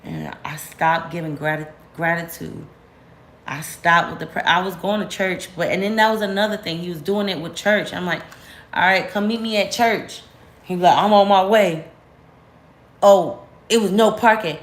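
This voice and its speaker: A woman talks straight to camera, candid and slangy, getting sharp and animated when she vents. Her voice sits a little low. The room is bare, and her voice echoes off it. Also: moderate pace. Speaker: vlogger. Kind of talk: casual storytime chat to camera.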